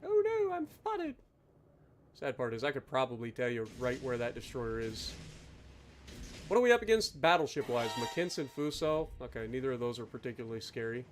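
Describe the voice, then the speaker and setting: A man streaming live gameplay, ranting loudly and sarcastically at his teammates between calm play-by-play commentary. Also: medium pitch, brisk, slight background noise. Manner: loud, exasperated ranting with sarcastic asides.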